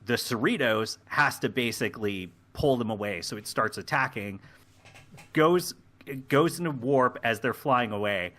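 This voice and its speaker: A man co-hosting a podcast, talking in a casual, rambling way with plenty of fillers. His voice is bright and forceful at a middle pitch, and he acts out scenes as he goes. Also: normal speed. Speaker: podcast co-host. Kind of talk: casual chat recapping a show.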